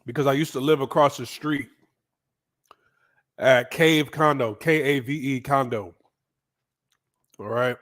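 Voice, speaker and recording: A man from the United States casually telling a story in an animated, profane way, often checking in with the listener. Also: mid-range voice, measured pace, long pauses. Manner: animated, profane, frequent "right?" asides. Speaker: vlogger.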